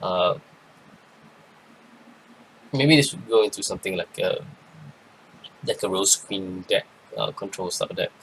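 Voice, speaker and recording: Tired man reviewing cards, low voice. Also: unhurried, long pauses, fairly bright tone, a little hiss or hum, rough recording. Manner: rambling, lots of ums and restarts. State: tired, yawning. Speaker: card game reviewer. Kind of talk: casual commentary.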